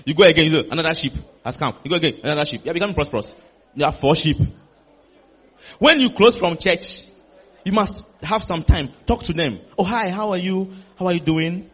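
A male preacher with a high, husky voice delivers an animated sermon. He repeats phrases for emphasis and slips into playful acted-out conversations with the congregation. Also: fairly quick. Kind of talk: lively sermon with acted dialogue.

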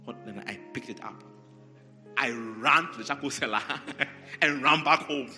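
A man preaching a sermon, animated and repetitive, calling on members of the congregation by name. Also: medium pitch, a little slow. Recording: large hall reverb, faint music.

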